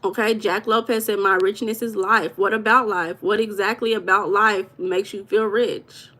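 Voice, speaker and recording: A woman's voice: medium pitch, steady tone, normal speed, sharp tone. A woman hosting a live stream, chatting casually and reading viewers' comments aloud with an affectionate manner. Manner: affectionate, calls viewers baby.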